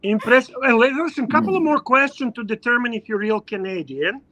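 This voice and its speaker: A man's voice: extremely high pitch, a little fast, sharp tone. A man hosting a casual live stream chat about watches, teasing and boastful, with a home studio mic. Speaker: host.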